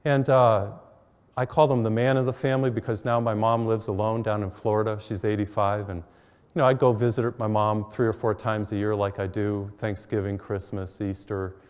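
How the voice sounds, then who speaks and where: Folksy priest preaching in a reverberant church. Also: male voice, on the low side, little pitch movement, normal speed, a little mellow, clean tone. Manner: conversational, folksy preaching with personal stories. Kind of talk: televised sermon. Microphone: mic while facing cameras.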